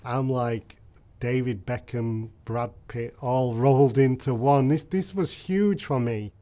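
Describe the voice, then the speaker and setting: A man tells his own story in an interview. His voice sits at a middle pitch, and he speaks candidly and reflectively, often pausing on soft fillers. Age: 30s.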